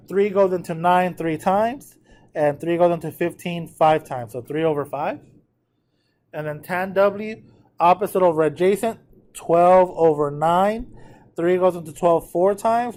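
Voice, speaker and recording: A male teacher lecturing his class on math, chatty, checking in with the students often and slowing down to dictate the numbers. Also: high voice, a little mellow. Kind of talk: classroom lecture on trig notes.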